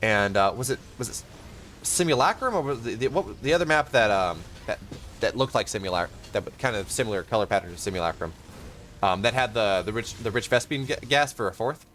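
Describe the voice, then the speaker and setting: A young man casting a live game, rambling and self-interrupting, quick to laugh. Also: lowish voice, expressive, fairly bright tone, a little hiss or hum. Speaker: esports caster.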